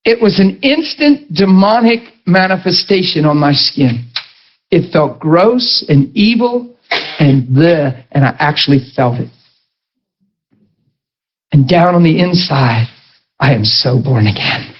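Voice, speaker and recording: Man, preacher, husky voice, sermon storytelling, dull lo-fi recording. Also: a little high, animated, measured pace. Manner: storytelling, acts out dialogue, rises to emphatic peaks. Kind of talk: sermon testimony. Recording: dull lo-fi sound.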